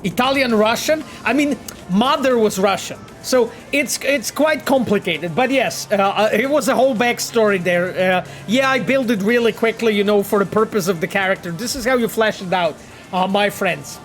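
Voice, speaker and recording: An excitable man with a Polish accent chats with his stream audience while playing a game, swearing freely and calling his viewers his friends. His voice sits fairly high for a man, with soft music running underneath. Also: moderate pace. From Poland. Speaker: game developer streaming a playthrough. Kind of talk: casual streaming commentary.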